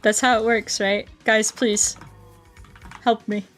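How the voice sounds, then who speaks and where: A woman's voice: mid-range voice, little pitch movement, slow pace, a bit bright, faint music behind. A woman streaming a game, chatting playfully with her viewers and breaking into silly songs and mooing. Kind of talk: casual gameplay commentary.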